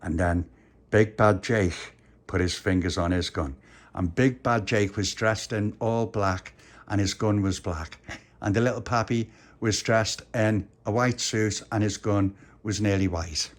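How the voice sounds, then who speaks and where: A man's voice: on the low side, measured pace. A man telling an improvised children's story in a playful way, with many restarts.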